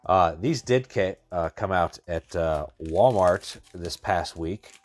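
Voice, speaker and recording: A man's voice: sits low, slow, a little hiss or hum. A man hosting a card-opening channel, giving wry, chatty running commentary as he opens packs. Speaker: card-breaking channel host. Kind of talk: casual pack-opening commentary.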